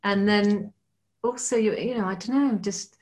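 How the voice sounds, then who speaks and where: A woman's voice: medium pitch, moderate pace, a little mellow. A woman, a musician and actor, chatting as a podcast guest in a rambling, self-deprecating way. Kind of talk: casual interview chat.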